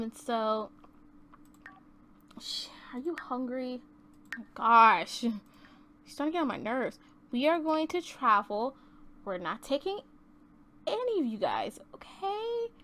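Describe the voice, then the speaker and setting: High-voiced woman chatting over gameplay. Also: sing-song, normal speed, fairly bright tone. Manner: chatty, giggly, exclaims often. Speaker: gaming YouTuber. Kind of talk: casual let's-play commentary. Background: faint game music.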